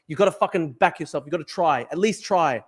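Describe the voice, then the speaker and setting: Young man, livestream host, swearing, fired-up, rapid talk, somewhat high voice. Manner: fired-up, profane, rambling. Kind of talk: casual livestream talk reading chat. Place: at a desk at home. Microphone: desk camera mic.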